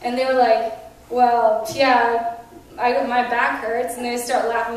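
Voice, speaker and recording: A woman with a high voice tells testimonies at a conference in animated style. She acts out quoted dialogue and laughs between lines. She is heard from a distance in a very echoey hall. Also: a little slow. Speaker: conference speaker sharing testimonies. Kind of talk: testimony storytelling.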